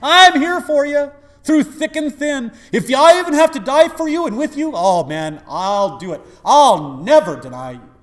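A preacher acting out a boastful, overconfident male disciple in a loud, brash, protesting voice. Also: very high voice, animated, normal speed, few pauses, voice pushed up.

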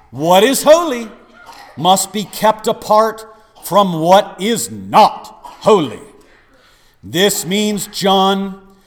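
A man's voice: sits high, exaggerated voice. A man preaching, acting out exasperated church members who scold their pastor in a mock-polite way. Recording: long reverb of a large hall.

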